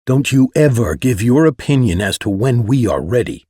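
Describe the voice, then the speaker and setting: A man's voice: medium pitch, big pitch swings, normal speed, warm tone, slightly rough, no echo, clean studio sound. A man reading the part of a domineering rock bandleader, in a sneering, commanding tone.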